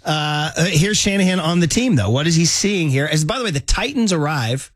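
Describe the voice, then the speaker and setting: A man's voice: a little high, expressive, a little fast, dry recording. A man hosting a casual morning sports radio show, rambling and self-deprecating with lots of restarts.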